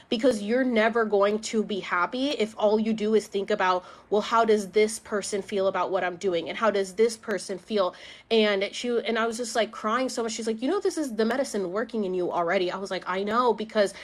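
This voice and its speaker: A woman's voice: medium pitch, normal speed. A young woman casually telling a personal story on a live stream, chatty, with many fillers and acted-out quotes. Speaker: podcast host.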